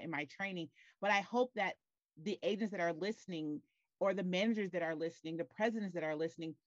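A woman's voice: on the low side, no echo, lo-fi sound. A woman real estate trainer speaking on a casual talk show, emphatic and coaching, repeating phrases for punch. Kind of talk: casual conversational chat.

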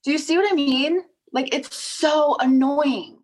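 A woman's voice: sits high, unhurried, poor audio. Indignant woman ranting in an interview. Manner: emphatic, indignant, full of "like" fillers and swearing. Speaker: interview guest. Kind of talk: casual interview talk.

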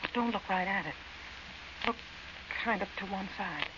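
An actress playing a frightened young woman camping at night, speaking in a hushed, uneasy, tentative way in 1940s radio acting style. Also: medium pitch, moderate pace, close to an everyday voice. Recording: dull, noisy old radio recording.

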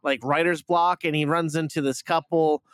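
A man's voice: on the high side, steady tone, moderate pace, fairly bright tone, smooth, dry recording. A man casually retelling a movie plot on a review podcast, rambling with lots of fillers and swearing. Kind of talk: casual chat.

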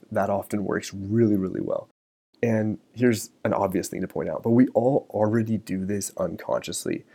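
A middle-aged man talks through his podcast episode in a relaxed, meandering way, leaning on fillers as he thinks aloud. His voice sits low with a gravelly edge and a dark, mellow tone. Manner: relaxed, many fillers like um and you know. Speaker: podcast host. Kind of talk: casual solo podcast talk.

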